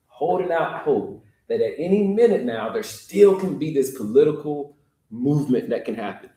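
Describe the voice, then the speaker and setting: A man preaching in an informal, colloquial way, retelling scripture stories and acting out the quotes with sudden jumps in his voice and chuckles. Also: echoey room. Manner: animated, acts out quotes with jumps in pitch and chuckles; colloquial, uses "y'all".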